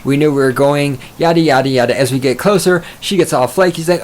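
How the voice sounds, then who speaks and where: A man's voice: medium pitch, fairly quick, few pauses. Male solo podcaster, rambling and swearing, self-mocking, mid-range voice. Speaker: podcast host.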